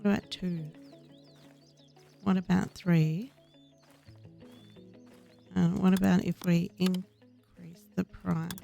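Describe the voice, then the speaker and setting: A woman's voice: lowish voice, level tone, slow pace, gravelly, long pauses, warm tone, faint music behind. A woman casually talking through a game as she plays, reading the game's dialogue aloud in her own voice. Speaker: gaming host. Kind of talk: casual gameplay commentary.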